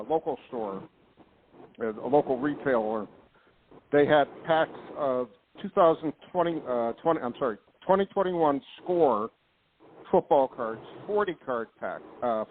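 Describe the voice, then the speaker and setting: Male podcast host, mid-pitch, rambly and indignant, tinny phone-line audio. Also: slight background noise. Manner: rambling, indignant, restarts often. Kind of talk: casual chat.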